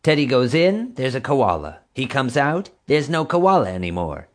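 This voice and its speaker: A man's voice: mid-range voice, sing-song, normal speed, voice pushed up, lightly acted. A man doing a pushy, accusing security woman. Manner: combative, whiny when thwarted. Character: pushy, accusing female park security chief.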